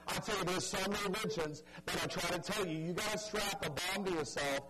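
A man preaching a sermon, telling a story dramatically and pleading earnestly with his listeners, dropping soft and stretching key words for emphasis. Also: high voice, a little fast, over loud music, poor audio. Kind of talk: evangelistic sermon.

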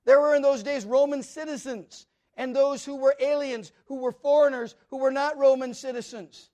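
Male pastor, very high voice, emphatic sermon delivery. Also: fairly even intonation, moderate pace. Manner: emphatic, repetitive preaching cadence, swinging from loud to quiet. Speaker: preacher.

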